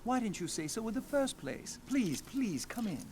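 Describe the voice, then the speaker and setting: A man voicing a prim, over-polite fish-folk guard in a high, quiet, sing-song voice. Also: big pitch swings, normal speed, slight background noise.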